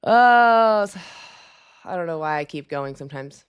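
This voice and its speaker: A woman's voice: sits low, lively intonation, moderate pace, clean tone. A woman hosting a casual live stream at her desk at home, rambling with lots of fillers and chatty asides.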